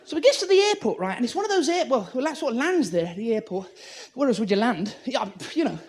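Manic high-voiced stand-up comedian. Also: male voice, sing-song, fast talker. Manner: manic, swearing, acting out little scenes. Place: theatre stage.

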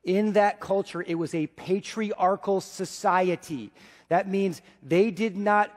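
A man in his forties preaching a sermon as pastor, telling stories and swinging between loud and hushed. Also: high-pitched, takes it slowly, in a large hall. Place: church sanctuary.

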